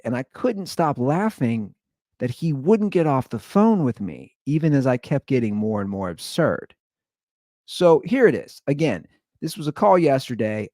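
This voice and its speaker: A man hosting a podcast, telling a story in a rambling, animated casual monologue. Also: medium pitch, no echo, studio quality. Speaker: podcast host.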